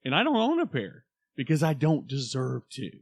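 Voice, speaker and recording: A man's voice: mid-range voice, huge pitch swings, normal speed, vocal fry. Boisterous joking man. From Oklahoma. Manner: boisterous, joking, slips into comic voices. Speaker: podcast co-host. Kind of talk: casual chat.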